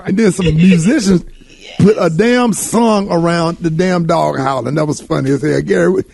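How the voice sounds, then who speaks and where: A man's voice: fairly high pitch, moderate pace, gravelly, darkish tone. A man hosting a morning radio show, joking and laughing in casual banter. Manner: laughing, joking, Southern Black American vernacular.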